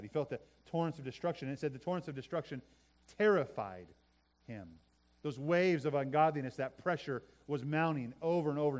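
Fairly high-voiced man preaching. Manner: repeats words, varies loudness for emphasis, talks to the congregation. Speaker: pastor. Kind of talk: sermon.

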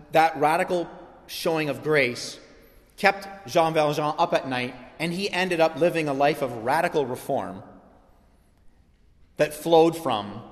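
A male pastor preaches with animated storytelling energy, his voice sitting a little high for a man. The sound carries a long reverb, as if he is recorded in a large church sanctuary. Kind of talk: sermon.

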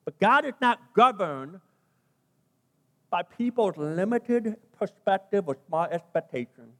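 A man preaching a sermon as pastor, animated, playing out the voices in the story he tells. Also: high-pitched, measured pace, in a large hall.

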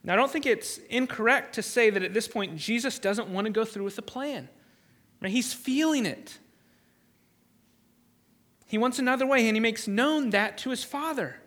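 High, bright-voiced man preaching. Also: normal speed, pauses often. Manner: earnest, emphatic preaching with repeated restarts. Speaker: pastor. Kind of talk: sermon.

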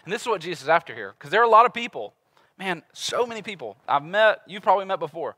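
A man in his thirties preaching a conversational sermon as a pastor, animated and acting out everyday voices. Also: high-pitched, quick pace. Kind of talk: casual sermon.

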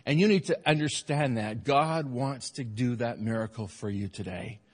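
A man's voice: medium pitch, moderate pace, darkish tone, long reverb tail. A middle-aged male pastor preaching a sermon in a church, earnest and emphatic, repeating his phrases for stress. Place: church sanctuary.

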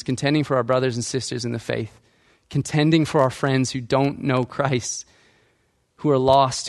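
Man preaching a sermon, level pitch. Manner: preaching with rhetorical questions and acted-out quotes. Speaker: pastor.

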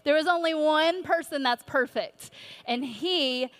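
A woman's voice: high-pitched, unhurried, fairly bright tone. A woman giving an earnest, conversational sermon-style talk to mothers, encouraging and personal. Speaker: women's ministry speaker.

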